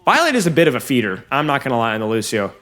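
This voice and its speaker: A man coaching viewers through a match review in casual commentary, talking straight to them and getting excitable when plays swing. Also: mid-range voice, rapid-fire.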